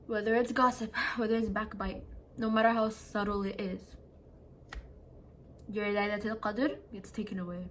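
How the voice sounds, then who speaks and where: A woman's voice: medium pitch, little pitch movement, normal speed, long pauses, a bit bright, slight background noise. A young adult woman in a casual late-night chat to her phone camera at home, earnest and full of "like" fillers. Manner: chatty, many "like" fillers, earnest. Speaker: vlogger. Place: at home, seated indoors at night.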